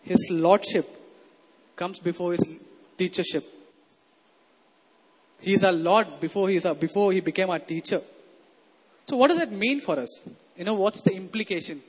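High-voiced man preaching in a hall. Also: normal speed, pauses often, breathy edge. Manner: conversational, asks the congregation questions. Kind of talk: sermon. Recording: long hall reverb.

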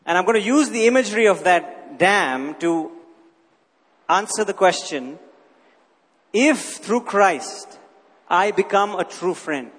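A man with a high voice preaches in a large hall, and his words ring out with a long echo. He teaches emphatically, asking rhetorical questions and repeating his key points. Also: fairly bright tone, husky. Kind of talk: sermon.

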